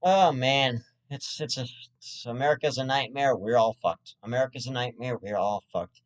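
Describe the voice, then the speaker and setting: A man in the middle of a rambling, foul-mouthed comedic rant as the host of his own web show. He stumbles and restarts often, and his voice sits at a middle pitch. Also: normal speed. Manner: profane, rambling, with frequent restarts.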